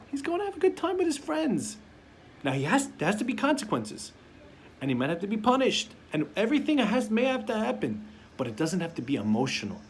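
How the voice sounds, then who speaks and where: A man's voice: on the high side, slight background noise. A man giving a sermon as a rabbi, telling stories and acting out the voices of parents and children. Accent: Sephardic-community American English.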